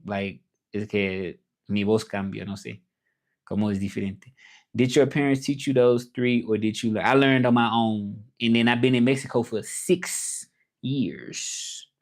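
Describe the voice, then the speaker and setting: A man from Tennessee with a Southern accent, chatting casually on his livestream and answering viewer comments aloud. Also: lowish voice. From Tennessee, USA. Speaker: livestream host and interpreter.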